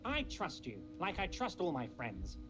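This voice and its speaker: A jovial, scheming union boss from a video game. He swoops through a wide, lively pitch range with fawning, theatrical flattery, over game music in the background. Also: unhurried. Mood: wounded.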